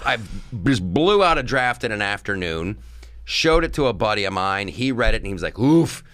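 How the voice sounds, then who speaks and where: A man's voice: on the low side, a little fast, dry recording, studio quality. A middle-aged man, a guest comedian, telling stories casually and acting out the voices of people he quotes. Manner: animated, acts out quoted voices. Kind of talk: casual storytelling.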